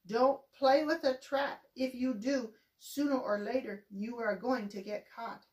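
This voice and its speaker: A woman voicing a steady, cautious father rat who speaks in a calm, admonishing way. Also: fairly high pitch, a little slow, roomy sound, close to an everyday voice. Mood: warning.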